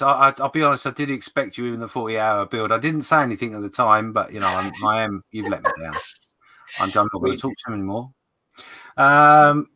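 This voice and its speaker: Brief: male stream host, clear bright tone, easygoing, reads out viewer comments and laughs often. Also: mid-range voice. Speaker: livestream host. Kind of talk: casual livestream chat.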